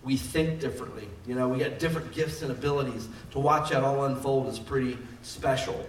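A man's voice: mid-range voice, steady tone, fairly quick, distant mic, a little hiss or hum. A man preaching a sermon in a conversational style, building up emphasis on key phrases. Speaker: pastor. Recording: echoey room, voice from off mic.

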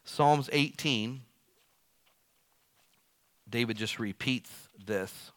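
Bright, lively folksy preacher man. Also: drawn-out words, dry recording. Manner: folksy, conversational preaching with wide swings in pitch and loudness. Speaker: pastor. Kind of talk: sermon.

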